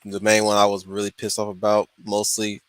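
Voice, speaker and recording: A man's voice: on the low side, monotone, a little fast, dry recording, rough recording. A man hosting a live stream discussion, blunt and swearing casually. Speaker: stream host. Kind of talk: casual podcast chat.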